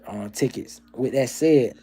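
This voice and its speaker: A man on a livestream who talks loosely and swears constantly, rolling from rambling explanations into heated, animated rants. His voice sits at an ordinary middle pitch, and his level rises and falls as he riffs. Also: unhurried, breathy edge. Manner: profane, ranting, animated. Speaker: livestream host. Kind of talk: casual livestream chat and comedy.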